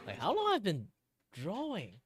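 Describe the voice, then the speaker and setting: A young man with a Malaysian English accent leaning slightly British, chatting casually while drawing on stream. He is tired after long hours, laughs often and jumps into loud, high exclamations. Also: wildly swooping pitch, moderate pace, faint music behind. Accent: Malaysian English with a slight British lean. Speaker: art streamer.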